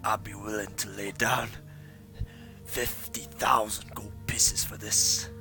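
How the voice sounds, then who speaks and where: A man voicing a greedy male merchant in a tabletop game, speaking slowly in a hushed tone. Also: fairly low pitch, level tone, vocal fry, over music.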